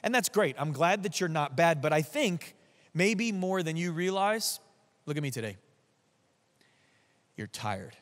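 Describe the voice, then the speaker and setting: Male pastor, high-pitched, lively sermon delivery with hushed asides, long church reverb. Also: a little slow, long pauses. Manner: animated storytelling, drops to soft near-whispers.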